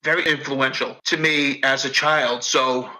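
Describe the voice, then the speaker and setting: Bright-voiced man with a thick Northeastern US accent. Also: mid-range voice, steady tone, measured pace, poor audio. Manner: rambling, profane, heavy on fillers. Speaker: guest. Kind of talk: casual chat.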